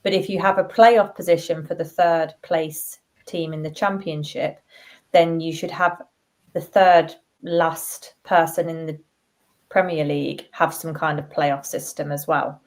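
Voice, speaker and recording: A woman on a fan panel, calmly reasoning through her view in a casual football chat. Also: low-pitched, measured pace.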